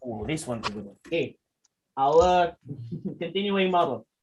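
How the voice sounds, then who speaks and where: A young man leads a public speaking workshop. He moves through his slides in a lively way, stopping to ask his listeners questions. He slips into short acted examples to make each point. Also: a little high, dull audio, slight background noise. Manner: lively, acts out quick examples, asks the audience questions. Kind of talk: lecture presentation with slides.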